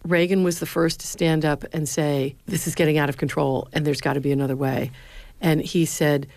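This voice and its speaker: A low-pitched middle-aged woman tells stories earnestly in an interview. She recorded in a dry, close setting. Her voice lifts when she quotes other people. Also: flat delivery, brisk, darkish tone, dry recording. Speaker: former speechwriter, university lecturer. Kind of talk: interview answers, storytelling.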